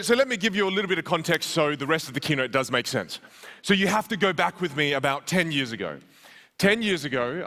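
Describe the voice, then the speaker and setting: Male keynote speaker, thirties, comic storyteller, bright forceful voice, a bit high for a man. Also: slight background noise. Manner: animated, self-mocking, with quick restarts. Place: conference stage.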